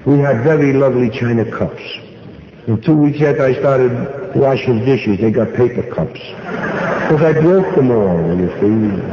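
A man's voice: medium pitch, measured pace, background noise. A man giving a personal recovery testimony at a meeting, a wry, folksy storyteller who acts out dialogue. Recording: echoey hall, dull lo-fi sound.

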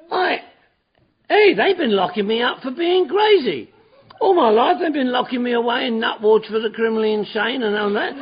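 Man, very high voice, animated storyteller, swears a lot, dull recording, crowd murmur. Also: moderate pace. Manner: animated storyteller, acts out dialogue, swears freely. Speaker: speaker sharing his recovery story. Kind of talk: storytelling talk to a recovery meeting.

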